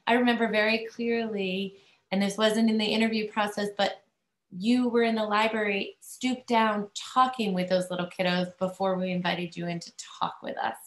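A woman chairing a video-call meeting, giving a halting, emotional farewell tribute with many pauses. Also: medium pitch, flat delivery, roomy sound. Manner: halting, many fillers, near tears. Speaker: school committee chair.

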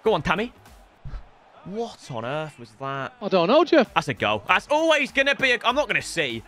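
A young man commentates on his football game in a loud, joking way, swearing freely. His voice sits high and bright and swings widely in pitch. Faint music plays under him. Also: sing-song, moderate pace. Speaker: gaming YouTuber. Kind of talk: energetic gameplay commentary.

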